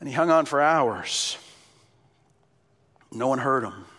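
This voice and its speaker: A male pastor delivering a passionate sermon, building up to loud exclamations and telling stories. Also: mid-range voice, animated, slow, in a large hall. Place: church in Canada.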